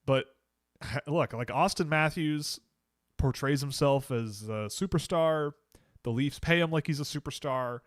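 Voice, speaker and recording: Hosting a casual livestream, a Canadian-accented man answers chat questions in a relaxed way, thinking aloud as he goes. His pitch is fairly high and his pace measured, on a dry, clean studio recording.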